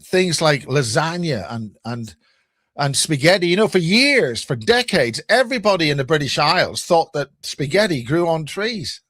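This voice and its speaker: Casual chat on a video-call chat show finds a Northern Irish guest rambling and joking through stories, restarting often. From Northern Ireland, he speaks a little high and a bit bright, with big pitch swings at a moderate pace. The audio is studio quality with no room sound.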